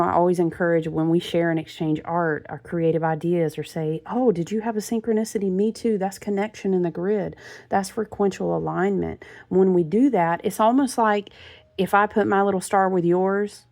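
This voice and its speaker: Gravelly low-voiced woman reading cards. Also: a little mellow. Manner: chatty, addresses viewers as friend and honey. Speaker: spiritual card reader. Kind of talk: casual spiritual reading to viewers.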